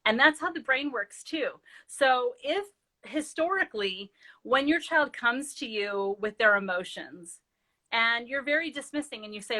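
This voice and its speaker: Bright, earnest woman explaining parenting. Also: on the high side, lively intonation, a little slow. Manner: warm, earnest, tells stories with quoted dialogue. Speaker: parenting expert guest. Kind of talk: conversational explanation in a live interview.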